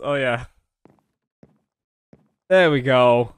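A man's voice: mid-range voice, lively intonation, measured pace, a bit bright, clean tone, no echo. A man giving casual gameplay commentary to his viewers, talking to himself, often frustrated and stumbling over restarts. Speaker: gaming YouTuber.

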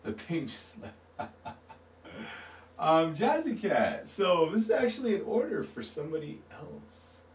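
A man's voice: a little high, huge pitch swings, measured pace, recorded from a distance, a little hiss or hum. A man hosting a live stream, laid-back and chatty, reading out and answering chat while he draws. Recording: roomy, off-mic, faint guitar music.

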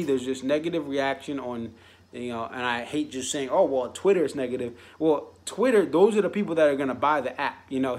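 A man vlogging an exasperated opinion rant, stumbling into frequent restarts as he piles up his points. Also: medium pitch.

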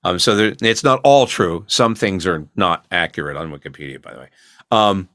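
A man's voice: low-pitched, normal speed, fairly bright tone, no echo, clean studio sound. A laid-back man, a voice actor, telling long rambling stories in a casual interview over a video call. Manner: laid-back rambling storyteller, acts out quoted lines. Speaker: voice actor guest. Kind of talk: casual storytelling chat.

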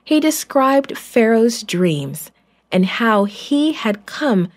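Slow steady woman narrator for a children's bible lesson. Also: a little high. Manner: slow, clear storytelling.

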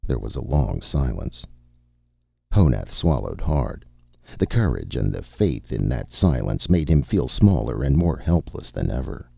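Brief: male audiobook narrator, very deep voice, lively intonation, dry dull recording. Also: gravelly, slightly rough, no room sound. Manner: measured storytelling read. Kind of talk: scripted narration.

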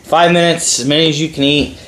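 A man's voice: a little high, flat delivery, brisk, a bit bright, slight background noise. A man hosting a challenge channel, chatting casually in a laid-back, rambling way with lots of fillers. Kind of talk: casual chat. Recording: echoey room.

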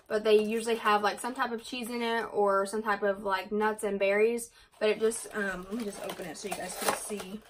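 A young woman chatting casually to her camera as a vlogger, quick and rambling, full of likes and ums. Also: medium pitch, slight background noise.

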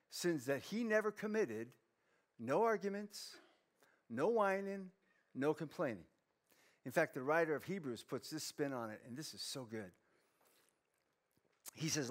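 High-voiced pastor, playful and self-mocking. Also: male voice. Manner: playful, self-mocking, reads scripture aloud. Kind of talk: humorous sermon.

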